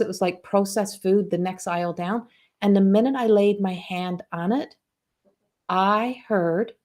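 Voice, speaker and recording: A woman spiritual coach talks casually on a live stream at a mid-range pitch. She wanders through personal stories and often restarts her sentences. It sounds like an everyday home webcam recording. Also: a little mellow. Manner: rambling, storytelling, frequent restarts.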